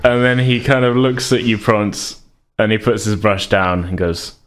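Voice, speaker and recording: A man running a tabletop game as game master, casual and relaxed. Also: on the low side, a little slow.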